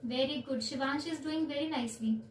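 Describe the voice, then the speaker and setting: A woman, teaching children yoga on a video call with slow, clear instructions and counting. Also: sits high, a little hiss or hum. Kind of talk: online yoga class for children. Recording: roomy, distant from the mic.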